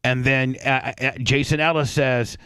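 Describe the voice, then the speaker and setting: A man's voice: medium pitch, steady tone, unhurried, bright, forceful tone, smooth, no echo. A man hosting a radio talk show, telling a rambling story and acting out quotes. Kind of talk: casual radio banter.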